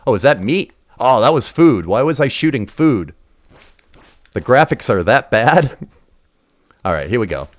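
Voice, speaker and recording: Profane, excitable Boston man streaming games. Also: medium pitch, a little slow, pauses often, no room sound. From Massachusetts. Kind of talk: casual gaming livestream chat.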